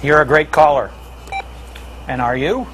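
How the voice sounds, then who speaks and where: A man hosting a comedic call-in show in a deadpan, pompous showman manner. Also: fairly high pitch, a little slow, slight background noise, poor audio. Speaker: host.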